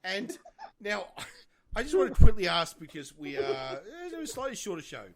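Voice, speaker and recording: A man's voice: sits high, sing-song, normal speed, a crowd in the background. A middle-aged man, co-hosting a casual podcast chat, swearing a lot and ranting heatedly. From Australia. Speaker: podcast co-host.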